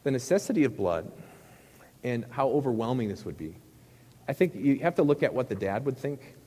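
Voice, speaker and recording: A man's voice: medium pitch, very animated, brisk, mellow, husky, in a large hall. A middle-aged male pastor preaching a sermon in a conversational, joking way, with rhetorical questions to the crowd.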